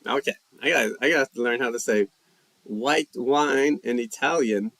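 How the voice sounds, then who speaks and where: A man hosting a casual language-learning live chat, reading viewer comments and musing aloud at an easy, unhurried pace. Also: medium pitch, no room sound. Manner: slow, relaxed, thinking aloud while reading chat. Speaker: language livestream host.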